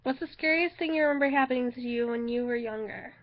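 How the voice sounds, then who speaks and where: A teenage girl telling a story to her vlog viewers in a chatty way, full of "like" fillers, getting loud when excited. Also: high-pitched, fast talker, muffled recording. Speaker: vlogger.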